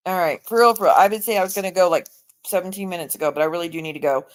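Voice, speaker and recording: A woman's voice: on the low side, very fast. A woman hosting a livestream, delivering a heated, profane rant and sounding tired. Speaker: livestream host.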